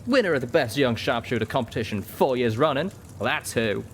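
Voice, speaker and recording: A man voicing a young male pegasus, boastful, excitable, storybook figure, raised pitch. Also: normal speed, a little hiss or hum.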